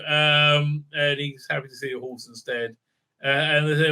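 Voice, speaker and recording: A man's voice: normal speed, clear, resonant tone. A man ranting his way through a TV episode recap, sarcastic and profane, with constant "uh, uh" fillers. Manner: lively pitch swings for mocking asides. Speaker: show host reviewing a TV episode.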